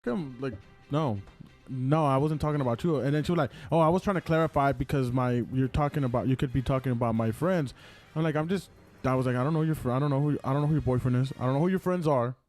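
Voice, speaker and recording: A man's voice: medium pitch, fast, faint music behind. A young man co-hosting a casual podcast, retelling a story animatedly with lots of "like". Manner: animated retelling, heavy use of "like". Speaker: podcast co-host. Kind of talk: casual chat.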